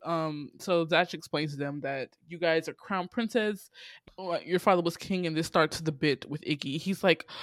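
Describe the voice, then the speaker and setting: A podcast host recapping a movie in a casual, animated way, acting out quoted lines and laughing often. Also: medium pitch, normal speed, no echo.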